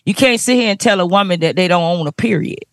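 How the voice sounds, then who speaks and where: A woman's voice: medium pitch, fast talker, dry recording, studio quality. A woman from Florida on a podcast panel, speaking bluntly and emphatically with heavy profanity. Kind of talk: heated podcast discussion.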